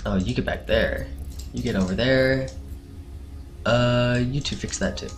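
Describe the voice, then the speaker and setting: A man hosting a let's play, reacting with excitable outbursts and plenty of fillers while he orders his crew around. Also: mid-range voice, measured pace. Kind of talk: casual gameplay commentary.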